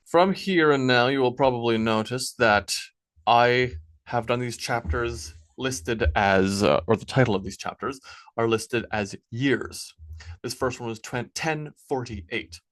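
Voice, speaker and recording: A man narrating his own novel as an audiobook, then chatting in a relaxed way about writing it. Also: medium pitch, measured pace. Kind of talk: audiobook narration and casual afterword.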